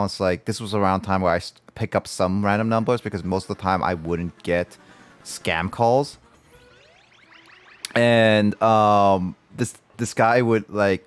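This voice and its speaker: A man's voice: lowish voice, clear, resonant tone. A man hosting a livestream, chatting casually with friends in a rambling way, full of restarts and fillers. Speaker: livestream host. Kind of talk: casual chat among friends.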